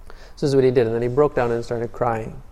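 In this Buddhist dharma talk, a fast-talking man with a mid-range voice leads meditation through calm storytelling. His tone is dark and mellow, he often starts over and repeats himself, and a long hall reverb lingers behind his words.

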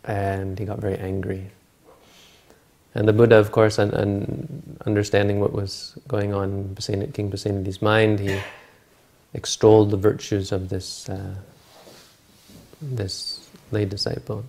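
A man's voice: on the low side, level tone, a little slow, darkish tone. A man retelling a Buddhist scripture story in a talk, informal and searching aloud for words and names.

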